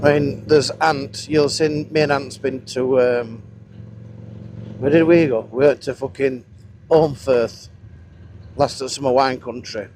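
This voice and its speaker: A motovlogger, a man in his thirties from the North of England, chats and curses through rambling tales while riding outdoors. His medium-pitched voice stays steady and a little mellow, measured in pace with frequent pauses. Wind and engine noise come through his helmet-mounted action camera mic.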